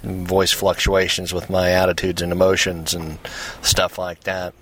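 A Seattle-area man with an American accent hosts his podcast in a low, breathy, fairly bright voice, unhurried and completely flat in delivery. He rambles chattily, drifting onto tangents and using many fillers, and the audio quality is poor.

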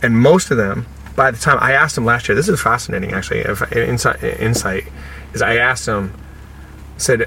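A man's voice: mid-range voice, normal speed, gravelly, slight background noise. A man talking as a guest in a casual interview, telling stories animatedly and acting out the people he quotes. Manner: animated storyteller who acts out the people he quotes. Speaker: podcast guest, author and speaker.

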